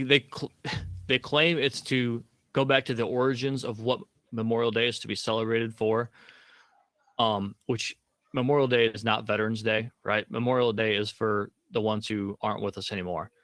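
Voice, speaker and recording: A man's voice: mid-range voice, steady tone, normal speed, fairly bright tone, no room sound. A man co-hosting a veteran livestream, talking casually with restarts and wry asides. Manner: conversational, repeats words while thinking, wry asides. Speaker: co-host of a veteran livestream show.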